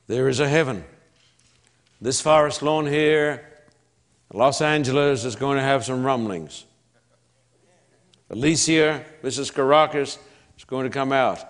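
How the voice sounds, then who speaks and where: Aussie guy preaching, slow and deliberate, hammers each phrase with repeats, mid pitch. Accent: Australian. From Australia. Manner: emphatic, slow preaching with long pauses and repetition. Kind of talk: sermon.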